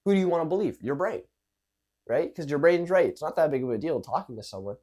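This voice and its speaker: A young man talks through social confidence tips in a loose, conversational way. He is animated, acting out nervous and calm versions of the same lines, and swears now and then. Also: on the high side, quick pace. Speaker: social skills coach. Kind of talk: casual coaching talk to camera.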